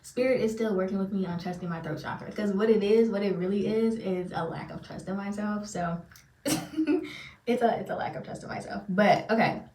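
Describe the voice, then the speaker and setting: A woman's voice: mid-range voice, moderate pace, mellow. A woman who works as a spiritual reader and channeler, talking to her viewers in a loose, chatty and self-deprecating way with lots of fillers. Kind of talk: casual rambling monologue to viewers. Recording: roomy sound, far from the mic.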